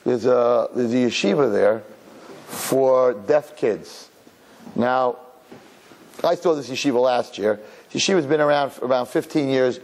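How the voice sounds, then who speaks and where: A male rabbi giving an animated Torah class in a dramatic, conversational way, sometimes putting questions to the audience. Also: medium pitch, unhurried, gravelly.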